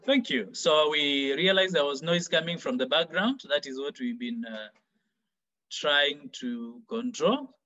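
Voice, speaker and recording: A man teaching a French lesson for exam preparation, explaining slowly and repeating example phrases. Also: on the high side, lively intonation, bright, forceful tone, lo-fi sound. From Kenya. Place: online class.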